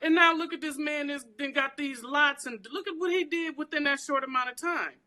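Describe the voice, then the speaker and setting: A woman, a guest crafter, talking in a casual, animated interview with informal slang and plenty of emphasis. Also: sits high, fairly quick.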